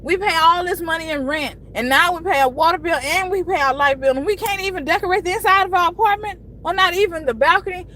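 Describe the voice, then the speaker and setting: Brief: high-voiced woman, thirties, exasperated casual live-stream rant, faint background noise. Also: fast talker, hardly any pauses, bright, forceful tone, poor audio. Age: 30s. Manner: frustrated, venting, frequent cursing.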